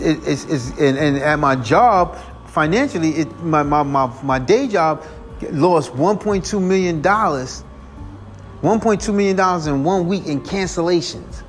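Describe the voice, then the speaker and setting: A man with a rather high voice rambles through an earnest, casual monologue as a podcast host. He sounds weary and keeps circling back with repeated phrases and a steady "man" at the end of his lines. Soft music plays faintly behind him.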